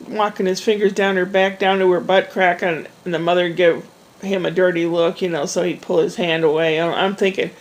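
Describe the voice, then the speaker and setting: A woman's voice: on the low side, fairly even intonation, brisk, low-quality recording. A woman vlogger telling a long, rambling everyday story in a chatty way, with frequent restarts and asides. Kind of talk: casual storytelling monologue.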